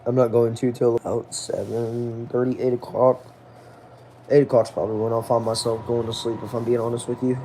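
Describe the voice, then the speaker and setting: A man's voice: mid-range voice, little pitch movement, fairly quick, mellow, a little hiss or hum. Tired, chatty American man on stream. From United States. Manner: chatty, greets viewers by name, asks for comments. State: tired, sleepy. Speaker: live-stream host. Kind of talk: casual live-stream chat reading viewer comments.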